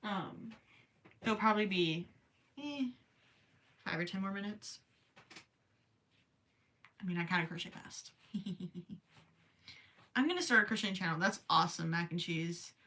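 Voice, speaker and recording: This late-night crochet livestream features a young Minnesotan host with a lowish, expressive, pushed and bright voice at normal speed, broken by long pauses. Tired and worried about losing her voice, she stays giggly and chatty while reading comments aloud.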